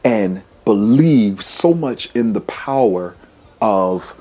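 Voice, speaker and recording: Over soft background music, a preacher and podcast host gives a motivational sermon, leading affirmations and repeating phrases in an emphatic rhythm. His voice is low, mellow and expressive, and he takes his time.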